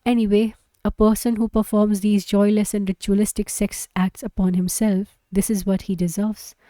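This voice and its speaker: A woman reading a novel aloud in a plain, steady voice, with an occasional slip. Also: mid-range voice, moderate pace, no echo. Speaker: audiobook reader.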